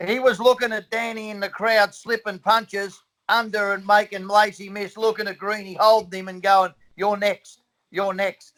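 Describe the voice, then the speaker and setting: A man's voice: sits high, little pitch movement, normal speed, hardly any pauses, fairly bright tone, rough recording. A man, a boxing trainer, speaking earnestly and emphatically in a casual chat and repeating his conviction.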